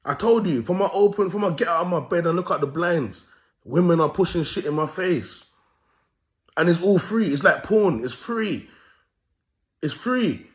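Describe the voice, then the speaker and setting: Animated young London man ranting. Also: a little high, normal speed. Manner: animated, swearing, laughing at his own jokes. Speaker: host. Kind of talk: ranting comedic commentary.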